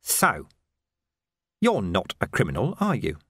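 A man voicing a cruel, sly sergeant who speaks with mocking, slow menace. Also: fairly low pitch, huge pitch swings, a bit bright, husky, dry recording, clean studio sound, full character voice. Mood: menacing.

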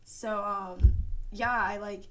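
A woman's voice: mid-range voice, steady tone, slow. A young woman chatting casually about her own life, laughing often and animatedly quoting people. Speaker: podcast guest telling her story. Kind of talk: casual conversation. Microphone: podcast microphone.

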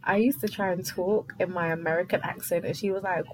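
A young adult woman from London, hosting her own podcast in a rambling, casual solo chat full of fillers and quick laughs. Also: fairly low pitch, steady tone, a little mellow, a little hiss or hum, poor audio. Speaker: podcast host.

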